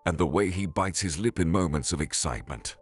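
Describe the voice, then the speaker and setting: Deep husky male story narrator. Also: fairly quick. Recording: faint background music.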